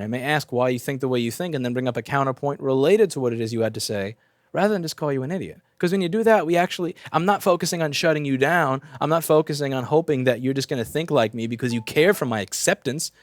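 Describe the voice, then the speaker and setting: A man's voice: medium pitch, fast talker, no echo, studio quality. A man who owns a repair shop and hosts the channel, speaking in a casual opinion rant. He is blunt and profane and repeats himself as he talks.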